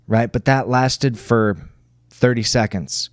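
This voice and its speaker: An earnest man talks through a podcast in casual chat, reflective and blunt, with plenty of swearing. He keeps checking in with his listener by tagging "right?" onto his points. His voice sits at an ordinary middle pitch, recorded close and dry. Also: unhurried, no room sound. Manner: earnest, swears freely, leans on "right?" tags. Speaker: podcast co-host.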